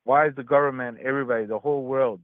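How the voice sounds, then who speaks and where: A man's voice: medium pitch, steady tone, racing, no room sound. A man in his forties in a casual heated debate, stammering, repeating words and laughing often. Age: 40s. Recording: tinny phone-like call audio.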